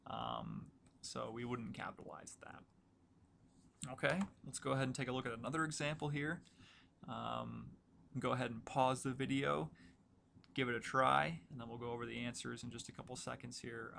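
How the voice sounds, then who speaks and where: Gravelly casual male writing instructor. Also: mid-range voice, lively intonation, moderate pace, pushed and bright, slight background noise. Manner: casual, filler-heavy explaining. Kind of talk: recorded lecture walkthrough.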